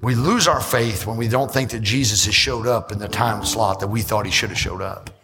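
A male pastor preaching a sermon, acting out church members and rising into shouts. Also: on the low side. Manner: acts out church members in quick asides. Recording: reverberant hall with music behind.

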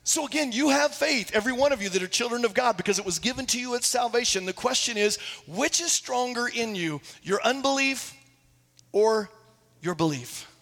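A man's voice: extremely high pitch, lively intonation, moderate pace, a bit bright, in a large hall. A man, a pastor, preaching a sermon and telling stories with acted quotes, in a church sanctuary.

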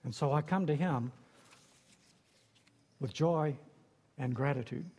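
A man delivers a sermon as a pastor, swinging from low, quiet lines up to high, ringing emphatic cries. His voice sits a little high and carries a slight husk. Long reverb trails behind him as in a large hall. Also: slow, husky.

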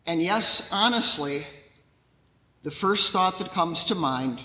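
A man preaching a sermon as pastor, in a measured storytelling way. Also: on the high side, expressive, pushed and bright, reverberant, long reverb tail, poor audio.

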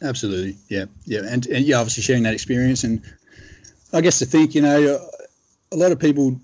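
A man's voice: mid-range voice, brisk, a little mellow, dry recording. An Australian man telling a long hunting story in a laid-back, rambling way, full of fillers. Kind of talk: casual storytelling.

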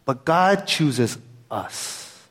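Pastor guy preaching, earnest and chatty, voice sits a little high. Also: big pitch swings, drawn-out words, a bit bright. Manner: earnest, conversational preaching mixed with a personal story. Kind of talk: sermon.

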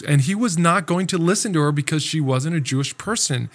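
A male pastor preaching a sermon in a casual, conversational way. He keeps checking in with his listeners by asking "right?". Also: normal speed. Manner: conversational, tags sentences with "right?"; acts out quoted voices in a higher pitch.

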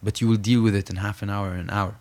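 A man's voice: fairly low pitch, level tone, fast, darkish tone. A young man from Saudi Arabia, a podcast guest telling his story in an earnest, emphatic way and repeating phrases for stress. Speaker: podcast guest, professional boxer.

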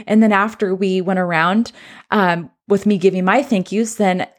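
A woman's voice: mid-range voice, steady tone, normal speed. A woman, a former teacher now working as a coach, telling a personal story in an earnest, reflective way. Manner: earnest, reflective, re-enacts children's voices.

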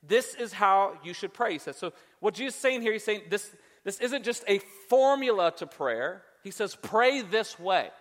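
A man preaching a sermon to a congregation, emphatic, often repeating words as he restarts and slowing down on his key points. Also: sits high, lively intonation, in a large hall. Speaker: pastor. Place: church sanctuary before a congregation.

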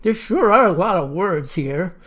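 A man's voice: high voice, expressive, moderate pace, fairly bright tone. A narrator voicing a drowsy, bumbling elderly man who talks in an offhand way. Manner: dozy, offhand.

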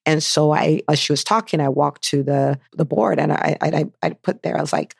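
Enthusiastic woman podcast host, gravelly. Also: sits low, moderate pace, few pauses, no echo, clean studio sound. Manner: enthusiastic, animated storytelling with repeated questions. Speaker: podcast host and physician business coach. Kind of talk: solo podcast monologue.

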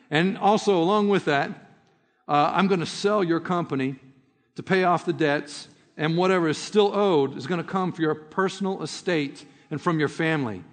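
Male pastor, storytelling sermon voice, high-pitched, hall reverb. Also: normal speed. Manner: storytelling, direct address to listeners.

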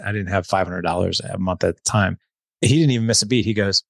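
Middle-aged man, low-ish voice, animated storyteller, dry close mic. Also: a little fast, no room sound. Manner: animated, acts out dialogue. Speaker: podcast guest. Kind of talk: storytelling in casual conversation.

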